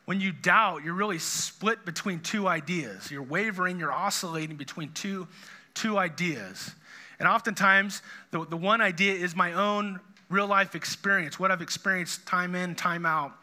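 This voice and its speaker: A man's voice: high-pitched, moderate pace, bright, forceful tone. A middle-aged man, a pastor, preaching a sermon in an earnest, conversational way with frequent restarts.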